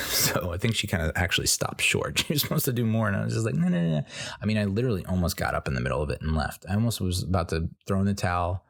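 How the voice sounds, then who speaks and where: Gravelly-voiced man telling a comic story. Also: deep voice, racing. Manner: animated, swears, acts out voices. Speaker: comedy podcast host. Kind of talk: casual comedic storytelling.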